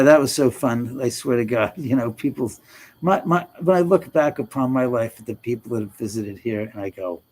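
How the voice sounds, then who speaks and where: On a poor-quality recording, a middle-aged livestream host reads comments and chats loosely with his audience. His pitch is ordinary and middle, his tone somewhat dark, and he laughs easily and swears without restraint.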